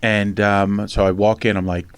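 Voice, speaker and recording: Recorded with no echo, this middle-aged man from Norristown, Pennsylvania, USA, a podcast host and memoir author, recounts his life in a casual interview. His lowish voice is smooth and his pace normal; he swears freely, bluntly voices characters in his stories and keeps asking "right?"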